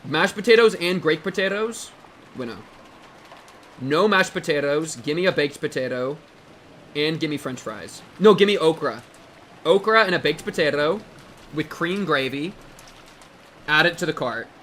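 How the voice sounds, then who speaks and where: An excitable young man in his twenties streams live and chats with his audience in a bright, forceful voice that leaps into sudden yelps. His tone sits a little above the usual male pitch, and a faint hiss of background noise runs under it. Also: unhurried, long pauses. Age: 20s. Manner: excitable, bursts into loud yelps and shouts; talks to his chat, jokey and animated. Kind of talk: casual live-stream chat.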